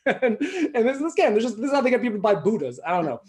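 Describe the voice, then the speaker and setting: A male comedian tells a long story over a video call from home. He talks in an animated, self-mocking way and swears freely. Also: extremely high pitch, fast. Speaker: stand-up comedian. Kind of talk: stand-up storytelling.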